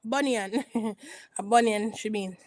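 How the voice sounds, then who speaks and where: A woman's voice: medium pitch, slow pace, no room sound, low-quality recording. A woman giving a rambling, gossipy recap of a reality TV show in a casual chat. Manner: rambling, gossipy, frequent restarts. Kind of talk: casual chatty commentary.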